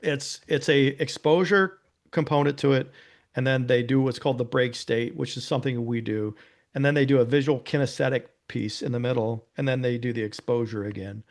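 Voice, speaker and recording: A man with a medium-pitched, steady voice talks briskly. He's a former police officer and nonprofit founder appearing as an interview guest, sharing a personal story earnestly and casually, often tossing in "you know" and "right?".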